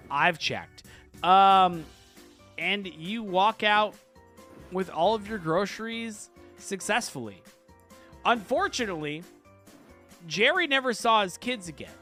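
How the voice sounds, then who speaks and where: Bright high-voiced man running a game. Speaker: game master and host. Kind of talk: narrating a comedic tabletop game.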